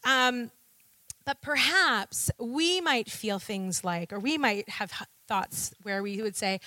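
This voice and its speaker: A woman delivers a sermon in a high, bright voice that rises and falls with lively, animated energy. She takes her time and leans on rhetorical questions and call-and-response with the congregation. The sound is close and dry. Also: a little slow, no room sound. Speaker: preacher.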